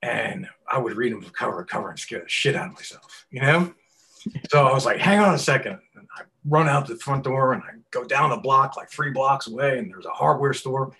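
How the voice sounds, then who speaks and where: A middle-aged man, a tattoo artist telling stories in an interview, swearing often and acting out quotes loudly. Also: mid-range voice, fairly quick, creaky. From New York. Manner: animated, profane storyteller who acts out quotes loudly. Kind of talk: casual storytelling interview.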